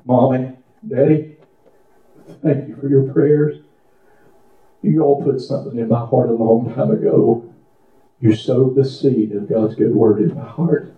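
A man's voice: steady tone, measured pace, pauses often. A man preaching a testimony sermon in church, telling stories and praying aloud with fervor. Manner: fervent, prays aloud with rising pitch, folksy storytelling. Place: church service. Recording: echoey room over a tinny phone-like line.

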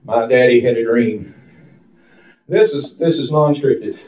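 A man's voice: mid-range voice, measured pace, a little mellow. A man preaching in a church, fervent and rhythmic, repeating his phrases. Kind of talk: sermon. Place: church sanctuary. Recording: echoey hall from far off.

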